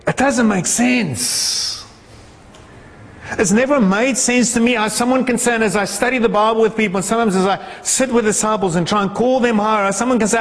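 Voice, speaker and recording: A man preaching a sermon with passion, his delivery soaring and then dropping into a low, conversational tone. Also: normal speed. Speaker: pastor. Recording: echoey hall with long reverb.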